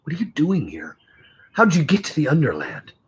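A man voicing a weak, tearful middle-aged father, speaking softly and wearily, in a read-aloud novel. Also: fairly high pitch, wildly swooping pitch, moderate pace, slightly rough, voice pushed up, full character voice. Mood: tender.

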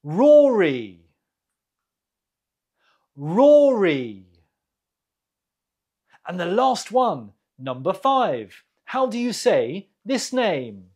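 An English teacher hosts a quiz in a husky, medium-pitched voice, speaking very slowly with lively rises and falls. Every word is repeated clearly for learners, with pauses left for the listener.

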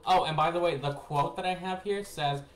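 A man telling a rambling personal story to his viewers. He laughs often and swings between hushed asides and excited bursts. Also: a little high, moderate pace. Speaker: spiritual reader and vlogger. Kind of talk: casual rambling storytelling to camera. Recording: echoey room with faint background noise.

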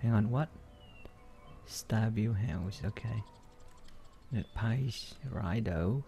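A man casually commenting on his gameplay, hesitant and muttering, with many ums and pauses. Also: lowish voice, vocal fry, mellow.

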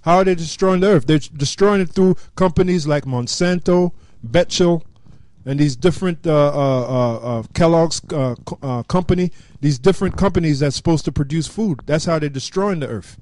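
High-voiced man explaining, halting. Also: a little mellow, no echo. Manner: halting, many fillers, explaining word meanings. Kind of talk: casual scripture discussion.

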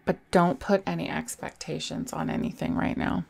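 A woman giving a casual tarot reading into a desk microphone, soft and reassuring, with sighs and small laughs. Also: low-pitched, fairly even intonation, moderate pace, gravelly, husky. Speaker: tarot reader.

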